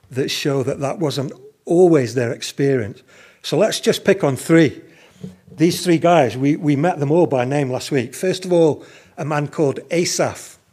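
A man preaching a sermon at a slow, measured pace, stressing his key questions. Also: a little high, darkish tone, breathy edge.

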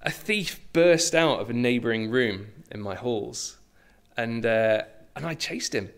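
Man preaching, lively and chatty, with a mid-range voice and humorous asides. Middle-aged. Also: mid-range voice, unhurried, clear, resonant tone. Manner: conversational and animated, with asides and self-deprecating humour. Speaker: pastor. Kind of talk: sermon.

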